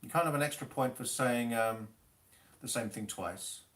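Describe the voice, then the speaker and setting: This music teacher's voice is mid-range and fairly bright. He hosts a live online quiz, slowly calling out Italian terms and kidding players about their spelling and the rules.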